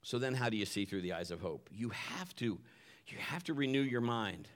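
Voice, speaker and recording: A man's voice: mid-range voice, animated, normal speed. Man preaching a folksy sermon. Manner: folksy storytelling with dramatic voice swings. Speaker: pastor.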